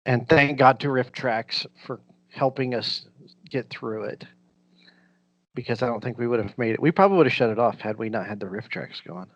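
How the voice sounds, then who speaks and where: A man's voice: medium pitch, moderate pace, no echo, lo-fi sound. A man hosting a casual podcast, rambling through recaps with frequent laughs. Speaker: podcast host.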